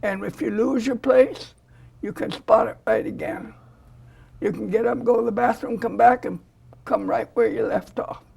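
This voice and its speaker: Gravelly husky older woman telling stories. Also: a little high, normal speed. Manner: animated storyteller who acts out quoted dialogue. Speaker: foster grandparent volunteer. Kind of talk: storytelling in a studio interview.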